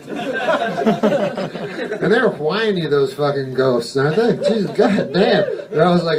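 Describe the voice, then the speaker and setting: Rambling deadpan man with a higher voice. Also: a little slow, pauses often, crowd noise. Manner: rambling, deadpan, swears a lot. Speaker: stand-up comedian. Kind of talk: stand-up comedy set. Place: comedy club stage with a laughing audience. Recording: distant mic, noisy live recording.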